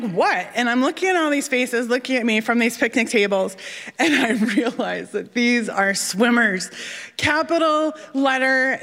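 A woman with a fairly high voice tells a personal story on stage, animated and self-deprecating. She acts out the people in it as she goes, and every line trails off into the long echo of a large hall.

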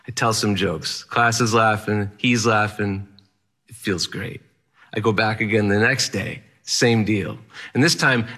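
A man's voice: medium pitch, pushed and bright. A man telling a personal story in the first person, candid and wry, in a matter-of-fact manner.

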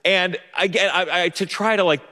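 Bright-voiced man telling a story on stage. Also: high-pitched, normal speed. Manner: nervous, self-mocking, full of restarts and laughs. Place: stage before an audience. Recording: long stage reverb.

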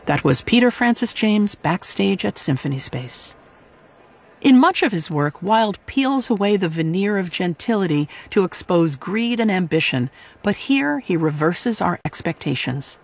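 A woman hosts a literary radio program. She reads her script calmly and smoothly, at a middle pitch. Her delivery is polished and even. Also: a little slow. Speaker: radio host.

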